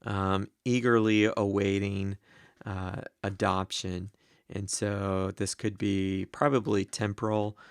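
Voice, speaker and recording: A man teaching the Greek grammar of a Bible passage, slow and deliberate, with many ums and uhs. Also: lowish voice, little pitch movement, clean tone, dry recording, clean studio sound.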